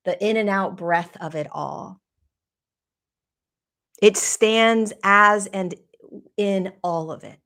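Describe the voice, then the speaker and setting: A middle-aged woman hosting a podcast, speaking slowly in a reflective spiritual monologue, halting and emotional as she searches for words. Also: mid-range voice, vocal fry. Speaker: podcast host.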